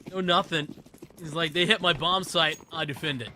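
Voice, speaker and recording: A man doing quick, vivid play-by-play commentary on an esports match. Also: fairly high pitch, fairly even intonation, sharp tone, a little hiss or hum. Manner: quick, vivid calls of the action.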